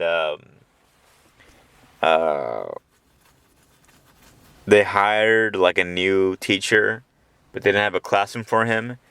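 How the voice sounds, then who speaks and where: Low-voiced rambling comedian. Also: male voice, fairly bright tone, smooth, no echo. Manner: meandering, profane, chuckling asides. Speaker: podcast host. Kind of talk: rambling comic monologue. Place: parked car in a lot at night. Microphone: handheld portable recorder.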